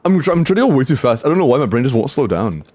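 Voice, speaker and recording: A man's voice: medium pitch, very animated, rapid-fire, darkish tone. Frustrated young man streaming a game. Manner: frustrated, swearing, self-talk. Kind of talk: live game stream commentary.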